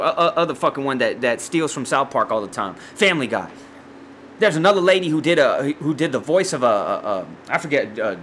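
A man's voice: mid-range voice, a bit bright, a little hiss or hum. A man hosting a podcast, ranting in heated, profane bursts with stumbling repetitions. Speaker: podcast host.

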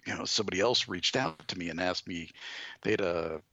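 A man's voice: deep voice, a little fast, bright, forceful tone, no room sound, dull audio. A man in a casual conversation, rambling and hesitant, with lots of fillers and restarts. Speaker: guest, toy and comics reviewer.

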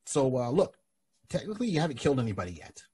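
A man voicing a smug, grinning male villain while retelling a comic, with a very husky voice. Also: medium pitch, sing-song, quick pace, warm tone.

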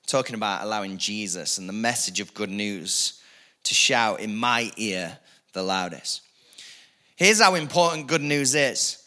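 Male pastor, bright and forceful tone, energetic repetitive sermon delivery with casual asides. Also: medium pitch, moderate pace. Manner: energetic, repetitive preaching with rising emphasis and asides.

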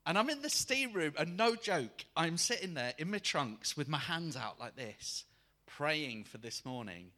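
A man preaching a sermon to a congregation, telling a personal story in an animated way and acting out the people in it. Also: on the high side, a little slow. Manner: animated, acts out quoted voices. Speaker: guest preacher.

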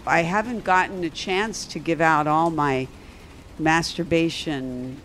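A middle-aged woman, both therapist and podcast host, chats casually on her talk show, speaking frankly and laughing often. Her low-sitting voice has a fairly bright tone and a measured pace, with slight background noise.

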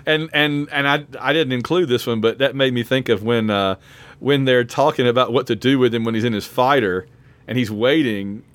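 A man's voice: medium pitch, normal speed. A man co-hosting a podcast in casual chat, acting out quotes with laughs. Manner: animated, acts out quotes with laughs. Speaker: podcast co-host.

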